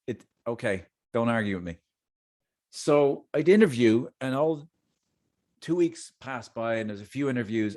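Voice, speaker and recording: A middle-aged man hosting a casual talk, telling a personal story with jokey asides. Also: mid-range voice. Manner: animated, jokey asides, chatty. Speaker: host.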